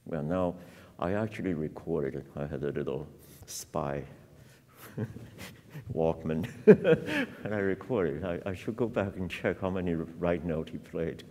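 A low, gravelly male voice unhurriedly reminisces and explains, pausing with fillers and chuckles. He is a piano teacher leading a master class. The sound rings with the long reverb of a large hall. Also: a little mellow. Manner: reflective, storytelling with frequent laughs and fillers.

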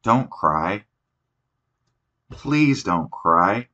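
A man reading a gruff, brusque male warrior. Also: low voice, measured pace, pushed and bright, lo-fi sound, full character voice. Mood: anguished. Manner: brusque, curt commands.

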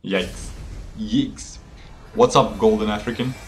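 Laid-back low-voiced male game streamer. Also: fairly even intonation, slow pace, slight background noise. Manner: laid-back, chatty, laughs often, reads chat aloud. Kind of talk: casual live-stream chat with viewers. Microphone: phone game audio with voice mic.

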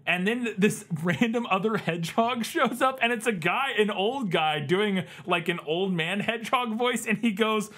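A man's voice: high voice, normal speed, few pauses, faint music behind. A man co-hosting a comedy film-review podcast, talking in an exasperated way and acting out scenes. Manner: animated, exasperated, acts out scenes. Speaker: podcast co-host. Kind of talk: comedic movie-review chat.

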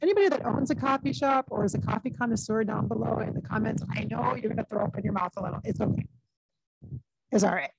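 Soft-spoken chatty psychic woman. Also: on the high side, fast, gravelly, breathy edge, no room sound. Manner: soft and confiding, breaking into laughs. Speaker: psychic medium. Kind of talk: chatty spiritual vlog.

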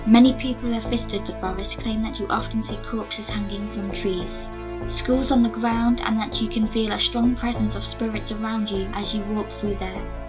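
A woman reading a scripted narration in a steady, measured way as the host of a list video. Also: medium pitch. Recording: music bed underneath.

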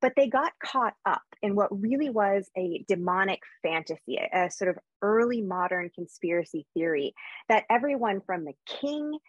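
An American woman historian giving a quick, lively academic lecture with frequent fillers over a video call. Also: medium pitch, dry recording, lo-fi sound. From United States. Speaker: historian giving a conference talk.

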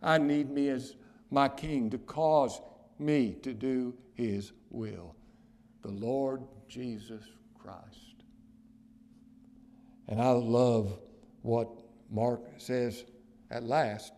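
A man preaching a sermon as pastor, with loud emphatic declarations that drop to hushed near-whispers and slow, weighty stresses on key phrases. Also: medium pitch, fairly even intonation, gravelly.

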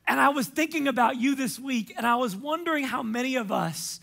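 A man preaching a sermon as pastor, energetic and emphatic, casual and chatty with frequent fillers, sometimes shouting. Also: very high-pitched, a little fast, vocal fry.

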